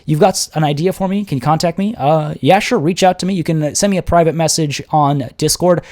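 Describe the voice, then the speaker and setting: A man's voice: a little high, quick pace, a little mellow. A young man casts a multiplayer strategy match on a livestream, chatting freely with his viewers. He reads their comments aloud, laughs often and keeps a loose, friendly flow of talk between the plays. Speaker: livestream host and game caster. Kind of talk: casual livestream chat and game commentary.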